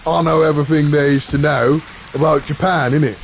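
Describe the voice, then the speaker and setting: A man's voice: a little high, fairly even intonation, brisk, a little hiss or hum, close to an everyday voice. A man putting on a brash mock-British bloke. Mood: boastful. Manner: loud, exaggerated, teasing. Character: loud mocking British bloke, brash and boastful.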